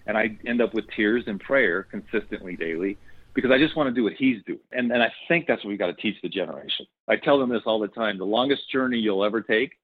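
A man's voice: lowish voice, fast, husky. A man speaking as a guest in a faith conversation, earnest and preacherly, quoting scripture as he explains. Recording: tinny phone line, dry.

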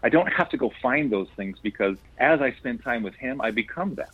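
A man's voice: medium pitch, expressive, brisk, husky, no room sound. A man speaking as a guest in a faith conversation, earnest and preacherly, quoting scripture as he explains. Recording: tinny phone line, dry.

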